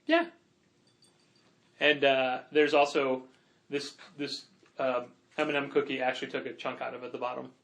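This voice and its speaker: A man co-hosting a podcast in casual chat, rambling with quick asides and frequent laughs. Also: medium pitch, steady tone, vocal fry, a bit bright. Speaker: podcast co-host and comic shop owner.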